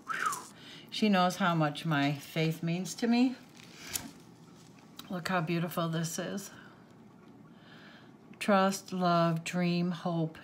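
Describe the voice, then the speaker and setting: With a fairly low voice and a little hiss or hum in the audio, an older crafts host unboxes gifts on camera for her casual vlog. She exclaims and gushes throughout, easily moved by what she finds.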